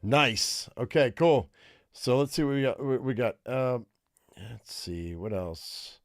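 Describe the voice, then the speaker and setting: A man chatting loudly and casually as he reacts to a video on a live stream, talking back at it. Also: mid-range voice, slow pace, no echo, clean studio sound.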